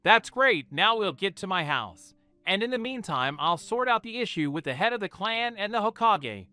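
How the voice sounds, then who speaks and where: A kind young male ninja talks with a smile in his voice, as a man puts him on. His pitch is raised and swings in a lively way, with a bright tone. It is dry and close, like a storybook read aloud. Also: normal speed, clean tone, dry recording, faint music behind, heavily acted. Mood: pleased. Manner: kind and smiling. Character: friendly young male ninja who adopts two boys.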